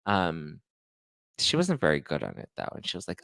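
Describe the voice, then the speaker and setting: Chatty low-voiced man dishing gossip. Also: wildly swooping pitch, moderate pace, vocal fry, a bit bright, no room sound. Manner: chatty, full of "like" fillers, sarcastic asides. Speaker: pop culture podcast host. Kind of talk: casual gossip commentary.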